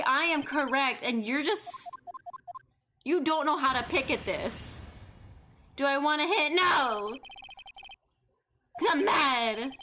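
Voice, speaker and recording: A young woman streaming a game, giving loud, frustrated commentary full of swearing. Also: high voice, noisy background. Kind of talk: live gameplay commentary. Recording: faint game music behind.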